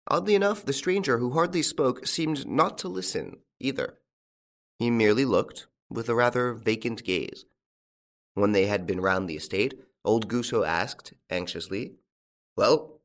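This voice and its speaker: A man narrating a classic story as an audiobook, with an expressive storytelling delivery. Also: medium pitch, normal speed, gravelly.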